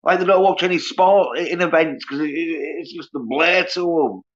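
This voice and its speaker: A man's voice: fairly high pitch, moderate pace. A man, ranting scornfully and profanely on a casual livestream while reading viewers' comments. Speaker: livestream host. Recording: dull lo-fi sound.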